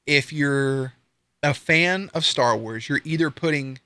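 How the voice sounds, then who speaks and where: A young man streaming live, ranting casually with lots of swearing and sudden high-pitched outbursts. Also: a little slow, clean tone, no room sound, clean studio sound. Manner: profane, animated, swings into high-pitched outbursts.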